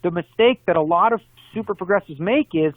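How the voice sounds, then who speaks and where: A man being interviewed, talking in a fast, animated way and making his point through examples. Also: high-pitched, dry recording. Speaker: guest. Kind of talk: casual interview conversation. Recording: tinny phone line, dry.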